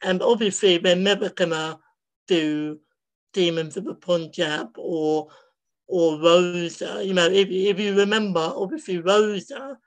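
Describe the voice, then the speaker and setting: A man's voice: high-pitched, unhurried, poor audio. A young man, a podcast guest, chatting casually with a rambling, hesitant flow. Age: young adult. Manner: rambling, lots of fillers and restarts.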